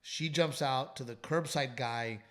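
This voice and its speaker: A man, hosting a comedy podcast, who tells stories animatedly and swears casually. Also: mid-range voice. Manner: animated storytelling, frequent swearing, quick asides. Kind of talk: casual chat.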